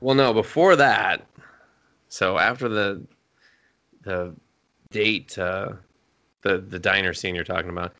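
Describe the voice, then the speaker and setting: Casual podcast co-host: man, lowish voice, rambling recaps, pops into high voices for characters. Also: slow, long pauses, bright, forceful tone. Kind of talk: casual anime review chat.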